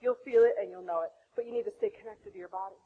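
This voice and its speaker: A woman in her thirties sharing her own birth story to other women, animated, acting out her past self. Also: very fast, slightly rough, narrow, tinny audio. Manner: animated, acts out her own past voice with big pitch jumps. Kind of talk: impassioned personal testimony.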